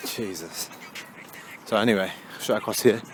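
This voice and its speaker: A man's voice: on the low side, moderate pace, over music. A young man, chatting casually while he walks and vlogs outdoors, swearing and laughing often. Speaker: vlogger. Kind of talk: casual walking vlog. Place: outdoors on busy town streets. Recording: faint street noise behind.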